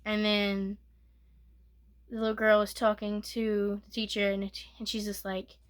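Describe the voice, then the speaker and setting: A woman giving a soft-spoken ASMR movie recap, rambling and correcting herself, sometimes dropping to a whisper. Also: mid-range voice, monotone, a little slow. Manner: rambling, self-correcting retelling with filler "like". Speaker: movie reviewer.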